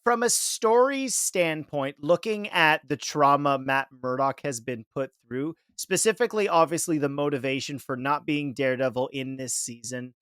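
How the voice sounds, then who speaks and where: A man's voice: mid-range voice, a bit bright, clean tone, no echo, studio quality. Rambling male podcast host. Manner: rambling, searching for words. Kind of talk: casual podcast discussion.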